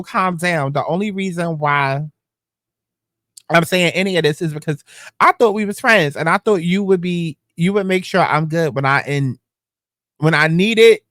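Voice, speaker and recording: A man reads out text messages and reacts to them with sarcastic, slangy commentary. His voice sits a little high for a man. The sound is close and dry, with no room echo. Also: moderate pace, a bit bright. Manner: sassy, slangy, sarcastic asides. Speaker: commentary channel host.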